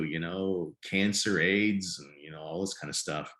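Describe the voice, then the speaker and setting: Deep-voiced man telling his story haltingly. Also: a bit bright. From Nebraska. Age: 50s. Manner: halting, repeats words while telling the story. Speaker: podcast guest. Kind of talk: conversational storytelling. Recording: roomy echo.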